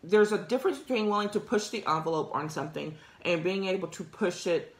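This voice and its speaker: A woman's voice: fairly low pitch, a little fast, echoey room. A woman hosting a career podcast, talking through workplace advice in a conversational, emphatic way with frequent laughs. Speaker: podcast host. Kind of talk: casual advice talk.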